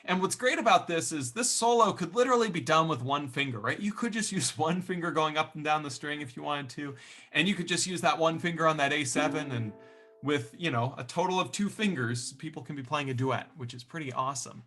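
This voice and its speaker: A man's voice: on the high side, fairly quick, pushed and bright. A man teaching an online ukulele lesson in an upbeat, encouraging and chatty way.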